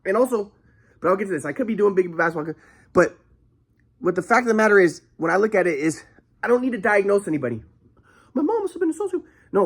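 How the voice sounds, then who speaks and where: His voice sits high with a fairly bright tone as this vlogger rambles through his own story in an echoey room. Agitated, he swears often and keeps repeating and starting his sentences over.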